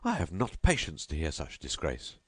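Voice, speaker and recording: A man's voice: extremely low pitch, huge pitch swings, normal speed, breathy edge, no echo, studio quality, heavily acted. A man voicing a lavish, mocking nobleman host who presses his guest with grand, insistent hospitality. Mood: grandly insistent.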